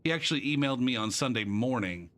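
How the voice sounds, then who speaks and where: Bright-voiced man ranting profanely. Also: mid-range voice, lively intonation, fast talker. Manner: rambling, profane, exasperated. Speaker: college instructor. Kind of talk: casual rant to camera.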